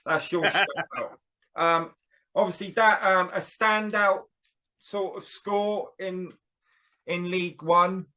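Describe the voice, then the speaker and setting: Bright high-voiced male podcast host. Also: fairly even intonation, slow. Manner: chatty, running the running order. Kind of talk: hosting a casual panel chat.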